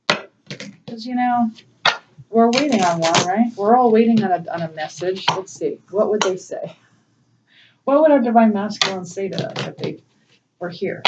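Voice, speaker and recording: A woman giving a casual spiritual tarot reading, gentle and emotional, laughing often. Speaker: tarot reader. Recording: distant, dull low-fi mic with faint noise.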